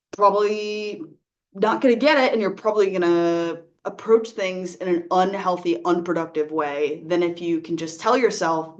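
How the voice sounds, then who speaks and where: A woman working as a life coach, giving earnest, gentle advice straight to the viewer and often checking in with "right?". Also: lowish voice, highs cut off. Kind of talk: advice talk to camera.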